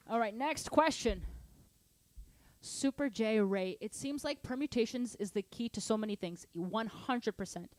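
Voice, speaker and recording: A woman drum teacher answers student questions in a casual online lesson, chatty and playful, singing patterns aloud. Her mid-range voice is picked up by a studio microphone at the drum kit, with no echo.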